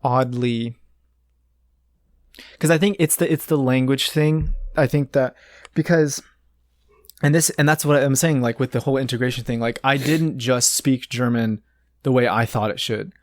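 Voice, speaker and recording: A young American man in his twenties, chatting casually and telling rambling, animated stories full of fillers. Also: mid-range voice, normal speed, no echo, clean studio sound. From United States. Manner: rambling, animated storyteller with many restarts and "like" fillers. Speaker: guest. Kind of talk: casual storytelling chat.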